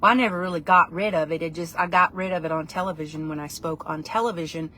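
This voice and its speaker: A woman's voice: fairly low pitch, steady tone, quick pace, fairly bright tone, slight background noise. A middle-aged woman, chatting in a playful, rambling vlog while reviewing food. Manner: playful, rambling, breaks into put-on voices.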